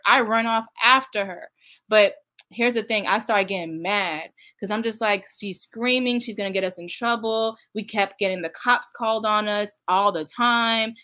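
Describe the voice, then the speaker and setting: A woman giving casual, candid reaction commentary on a video clip, pausing to explain her own side. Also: medium pitch, pushed and bright. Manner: candid, laughs while recounting.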